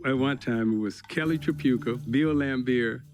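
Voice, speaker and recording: A man's voice: mid-range voice, moderate pace. A man telling a funny story with lots of laughter, in a clip from an interview. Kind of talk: animated storytelling.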